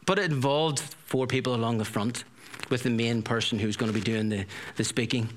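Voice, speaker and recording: A man's voice: medium pitch, brisk, a little hiss or hum. A middle-aged man preaching a sermon in a conversational, storytelling way, full of rhetorical questions.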